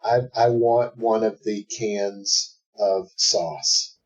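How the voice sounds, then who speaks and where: A man's voice: on the low side, steady tone, very slow. A man playing a tabletop game, talking casually and eagerly. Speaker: player. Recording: dull lo-fi sound.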